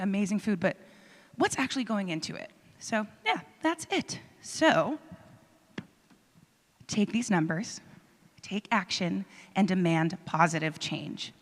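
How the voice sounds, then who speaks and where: A woman hosting a panel on stage, enthusiastic and rallying, addressing a young audience in a large auditorium. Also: mid-range voice. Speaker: host. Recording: reverberant hall.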